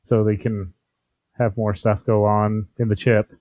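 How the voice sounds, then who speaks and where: A man's voice: lowish voice, level tone, unhurried, a little mellow, no echo. A man hosting a podcast in casual chat, stammering and repeating words, on a dull lo-fi mic. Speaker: podcast host.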